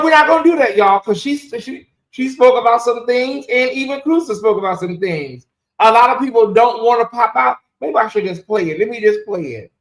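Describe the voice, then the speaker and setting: A woman hosting a casual live stream, talking in an animated, ranting way and laughing often. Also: on the high side. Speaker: livestream host.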